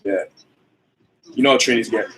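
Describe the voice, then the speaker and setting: A man in casual podcast chat with a bright, forward voice. He sounds playfully boastful and draws out his words as he tells his story. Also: mid-range voice, steady tone, rough recording. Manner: boastful, playful, drawn-out delivery. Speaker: podcast co-host.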